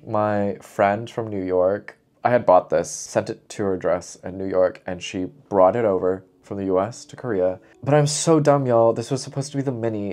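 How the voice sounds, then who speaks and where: Young male vlogger, slightly low voice, chatty and animated, talks straight to viewers. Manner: chatty, animated, says "y'all" a lot, frequent laughs. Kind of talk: casual chat to camera. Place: lives in Seoul.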